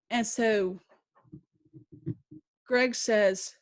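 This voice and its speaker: Woman guest telling a painful personal story: slow, halting, emotional, faith-filled. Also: medium pitch. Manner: emotional, halting, with frequent restarts. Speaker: podcast guest.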